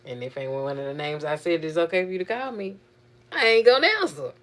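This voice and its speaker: A young woman vlogging, venting in a profane, animated, exasperated way. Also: sits low, quick pace. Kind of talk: casual venting monologue.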